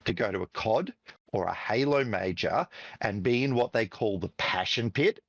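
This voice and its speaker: A man's voice: on the low side, moderate pace, vocal fry, no room sound, lo-fi sound. A middle-aged man, a podcast guest who runs an esports team, telling fired-up stories in casual chat and swearing freely. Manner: animated, profane, fired-up storytelling.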